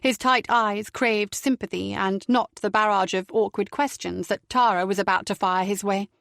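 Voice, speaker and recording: A woman narrating a crime novel audiobook in a steady, measured reading. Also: medium pitch, creaky, no room sound, studio quality.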